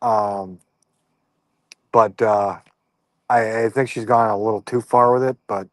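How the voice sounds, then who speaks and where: A man's voice: lowish voice, steady tone, takes it slowly, dry recording. Easygoing male podcast host, dry sound. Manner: easygoing, hesitant, lots of ums and fair enoughs. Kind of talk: casual podcast recap.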